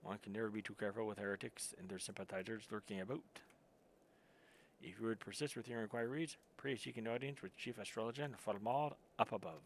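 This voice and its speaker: A cautious archivist, voiced by a man, stumbles over his words and repeats himself in a flustered way. The voice is low and plain. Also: steady tone, quick pace, slight background noise, close to an everyday voice. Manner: flustered, stammering.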